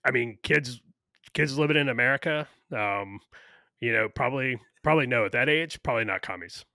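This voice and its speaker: A man's voice: medium pitch, a little fast, vocal fry, bright, forceful tone, dry recording, clean studio sound. A man co-hosting a podcast in casual, opinionated chat, ranting with lots of fillers and profanity. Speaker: podcast co-host.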